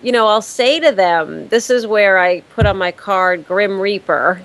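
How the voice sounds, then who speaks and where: A woman's voice: mid-range voice, a little slow, few pauses, fairly bright tone, low-quality recording. A woman business consultant answering interview questions, laying out her points step by step and stressing key words by repeating them. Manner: structured, explains step by step.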